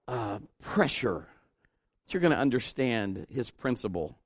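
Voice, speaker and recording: A pastor delivers a fervent sermon, his man's voice carrying a gravelly edge. He exhorts the congregation and swells to emphatic peaks before leading them in prayer. The sound is close and dry, with no room echo. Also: medium pitch, expressive, moderate pace, long pauses, darkish tone. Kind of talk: sermon with altar call prayer.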